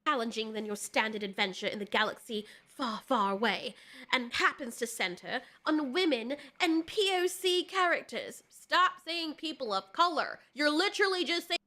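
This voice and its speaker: High, bright, ranting female commentator. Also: animated, normal speed. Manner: passionate, sarcastic ranting. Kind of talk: opinionated commentary.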